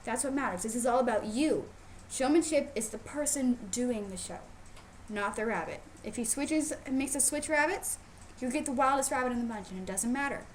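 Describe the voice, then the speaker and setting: A woman instructor teaches young people how to show rabbits in a casual instructional video, speaking fairly quickly with a fairly high pitch. She's playful and emphatic, repeating her key points, with slight background noise.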